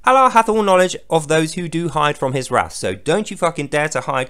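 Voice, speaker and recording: Sarcastic man, lively sing-song delivery. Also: a little high, a little fast, hardly any pauses, clear, resonant tone. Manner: sarcastic, profane, mocking. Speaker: host. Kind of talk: satirical scripture commentary.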